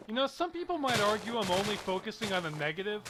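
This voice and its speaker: A man giving sarcastic let's play commentary, with deadpan asides that burst into yelling. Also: sits high, quick pace, noisy background. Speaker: gamer. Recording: game gunfire behind voice.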